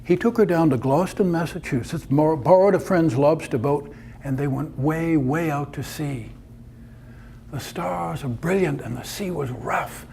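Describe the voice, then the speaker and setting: A man narrating a story with vivid drama. His voice is gravelly and sits a bit high for a man. A faint hum runs under the recording. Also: a little slow, dark tone. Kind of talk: told story performance.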